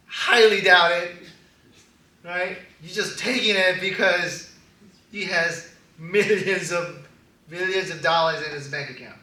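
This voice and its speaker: A man preaching a casual sermon as pastor, animated and quick to laugh at his own jokes. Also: high voice. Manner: animated, laughing, joking asides. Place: church hall. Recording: echoey hall, distant mic.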